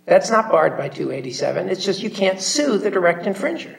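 Judge cutting in to lay out the law, super gravelly voice, off mic. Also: mid-range voice, sing-song, brisk. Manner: interrupting, explaining the law firmly. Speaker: appellate judge. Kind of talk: questioning counsel from the bench. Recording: voice heard from a distance.

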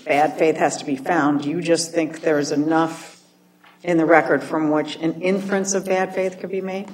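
A woman's voice: low voice, steady tone, moderate pace, a little mellow. A woman judge questioning counsel from the bench, skeptical and pointed. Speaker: appellate judge. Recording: distant mic with faint noise.

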